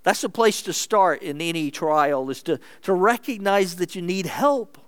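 A male pastor delivers a sermon in an unhurried, deliberate cadence, letting each phrase settle. His voice is smooth and resonant and sits a little high for a man. He is earnest throughout, pressing hard on some words and dropping almost to a murmur on others. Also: animated. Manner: earnest, measured preaching with sharp swings between emphatic and hushed delivery.

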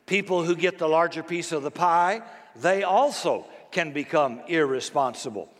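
An older man, a grandfather, preaching a sermon in a folksy, storytelling way, slow and deliberate. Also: a little high. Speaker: pastor. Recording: long hall reverb.

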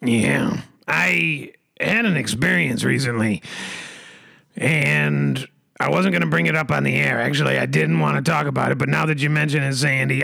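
Podcast host, male, bright and gravelly, pompous mock-poetic delivery, dry close sound. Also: mid-range voice, expressive, moderate pace, no echo. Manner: grandiose, theatrical delivery. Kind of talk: mock-poetic comedic monologue.

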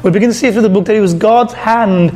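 High-voiced man preaching with emphasis. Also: fast, darkish tone. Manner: emphatic, asks the audience questions, repeats words while searching. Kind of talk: sermon to a congregation.

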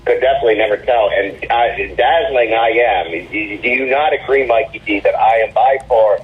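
A man's voice: fairly low pitch, normal speed, slightly rough. Pompous man on a tinny phone line. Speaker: wrestling manager guest. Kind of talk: boastful in-character wrestling promo.

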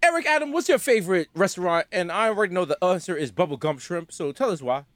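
A young man hosting a podcast, riffing through casual comedic banter in an animated way. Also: sits high, no echo, studio quality. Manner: animated, riffing, quick bits. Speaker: podcast host.

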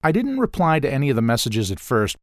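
Man from Ohio recounting a wild true story, lively and conversational, with a mid-range voice. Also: mid-range voice, fast talker. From Ohio, USA. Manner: animated, acts out quoted lines with a raised voice. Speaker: interviewee telling a personal story. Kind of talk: casual anecdotal storytelling.

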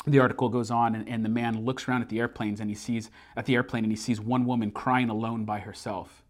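Young man preaching, earnest, middle pitch, builds to emphatic refrains. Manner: slows down to recite a memorized creed. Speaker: pastor. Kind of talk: sermon.

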